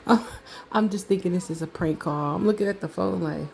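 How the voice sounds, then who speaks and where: A middle-aged woman telling a casual story about a delivery, animated, laughing and acting out the other voices. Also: fairly low pitch, moderate pace, creaky, long pauses, slight background noise, low-quality recording. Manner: animated, laughs often, acts out quoted voices.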